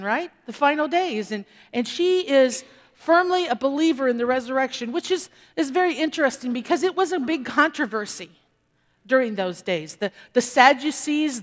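A fairly high-voiced woman pastor preaches, her voice ringing with long reverb through a church sanctuary. She talks in an easy conversational way and keeps asking the congregation questions. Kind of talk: sermon.

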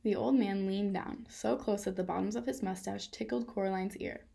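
A woman reading a children's novel aloud in a calm, steady way. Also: medium pitch, normal speed, gravelly, slightly rough. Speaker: reader. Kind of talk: children's book read-aloud.

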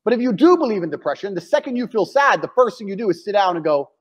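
A man's voice: sits high, sing-song, fast talker, hardly any pauses. A man in casual chat as a podcast guest, blunt and provocative, swearing and acting out the voices of people he quotes. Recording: dull lo-fi audio with long reverb.

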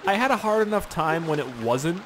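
A young man chatters through a survival game, joking and arguing with himself. His pitch swings widely and freely, with faint ambient game sound underneath. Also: lively intonation, brisk, background noise. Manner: rambling, joking, talks to himself. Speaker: gaming channel host. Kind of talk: let's play game commentary.

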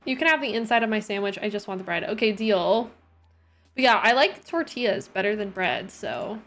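A woman's voice: mid-range voice, lively intonation, fairly quick, fairly bright tone. A young woman chatting casually as she plays a game on stream, talking to her characters and her viewers. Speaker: gaming streamer. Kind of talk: casual gameplay chat.

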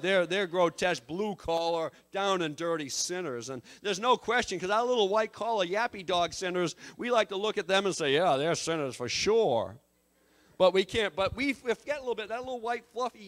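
Man, pastor, high voice, fervent sermon, church, repeats himself for emphasis. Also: a bit bright. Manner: impassioned, repetitive preaching with restarts. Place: church sanctuary.

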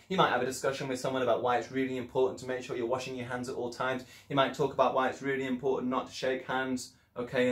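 A man's voice: mid-range voice, reverberant. A man teaching children an English lesson in a chatty, encouraging way, explaining things step by step. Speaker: primary school teacher.

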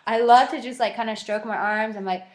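An animated young woman gives a motivational self-help talk straight to camera. Her voice sits a little high, and she slips into little acted-out dialogues to make her points. The sound carries a noticeable room echo. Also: brisk. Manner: animated, acts out quoted dialogue.

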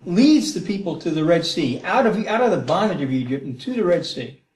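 Man, middle-aged, conversational Bible teacher, animated, fairly high-pitched, echoey room. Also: fairly quick. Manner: animated, acts out prayers, frequent "Okay?" and "Right?". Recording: roomy echo.

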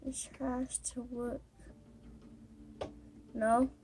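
A woman giving casual gameplay commentary while playing, halting and exasperated, with many fillers. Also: a little high, flat delivery, mellow. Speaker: gamer recording gameplay.

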